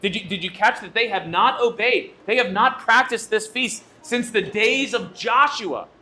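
Bright, high-voiced preacher man. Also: moderate pace. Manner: earnest, emphatic preaching with repeated phrases. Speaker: pastor. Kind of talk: sermon.

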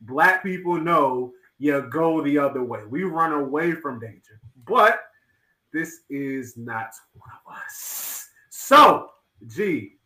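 A man's voice: a little high, expressive, takes it slowly, bright, forceful tone. A man co-hosting a podcast, talking emphatically and animatedly in casual chat. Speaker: podcast co-host. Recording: echoey room.

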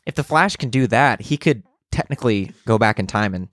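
Young man, animated casual chat, laughs a lot, dry close sound. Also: mid-range voice, fairly quick, no echo. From Kentucky. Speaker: podcast cohost.

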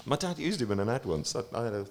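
A man's voice: medium pitch, quick pace, a crowd in the background. A man chatting as a guest impressionist on a podcast, telling rambling anecdotes with lots of energy. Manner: animated storyteller, jumps between anecdotes. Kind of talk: casual podcast chat.

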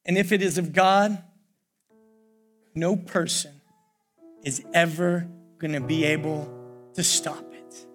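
Older preacher over soft worship piano. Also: male voice, high-pitched. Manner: preaching with many pauses, repeating "church". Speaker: pastor. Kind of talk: sermon. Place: church sanctuary. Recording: worship music under the voice. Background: soft piano and keyboard.

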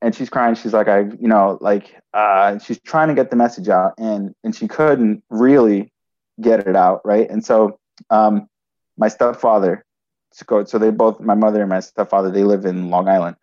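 A man's voice: lowish voice, darkish tone, muffled recording. A man telling a personal story in conversation, restarting often and adding "right?" as he goes. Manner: halting, frequent restarts and "right?" tags.

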